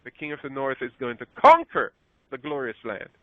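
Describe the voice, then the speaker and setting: A man's voice: wildly swooping pitch, moderate pace, no room sound. A man teaching a Bible lesson from slides, lifting his voice when he reads scripture aloud and stopping to correct himself. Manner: rises in pitch when reading scripture aloud, self-correcting. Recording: dry, phone-like narrow sound.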